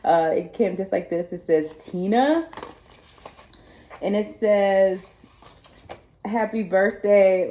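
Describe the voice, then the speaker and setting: Excitable Texas woman, echoey room. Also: mid-range voice, takes it slowly, pauses often. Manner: chatty, excitable, laughs often. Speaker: vlogger. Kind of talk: casual unboxing chat.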